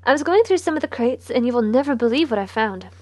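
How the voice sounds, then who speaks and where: A woman voicing a restrained young gentleman who keeps his voice level under pressure. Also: fairly high pitch, animated, quick pace, no echo, studio quality. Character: strained, patient young gentleman son.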